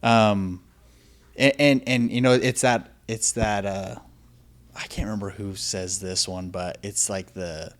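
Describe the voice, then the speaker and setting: A man in his thirties chats casually as a host, his voice sitting a little low. He talks loosely, filling his sentences with "dude" and "like" as he tells a story. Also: fairly even intonation, measured pace. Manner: casual, says "dude" and "like" a lot. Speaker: podcast host. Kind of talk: casual interview chat.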